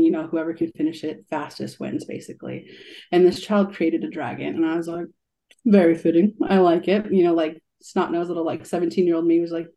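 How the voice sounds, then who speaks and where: Earnest woman with a gravelly, warm voice. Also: low-pitched. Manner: earnest, heartfelt, many ums and likes. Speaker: guest, art therapist. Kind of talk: radio interview storytelling.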